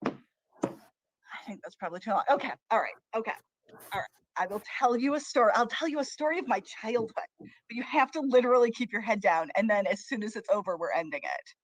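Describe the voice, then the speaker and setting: A young woman who is a teen librarian and co-hosts a talk show, chatting casually and telling a story in an animated, self-interrupting way, laughing as she goes. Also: on the high side, brisk, no echo. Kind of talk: casual chat and playful storytelling.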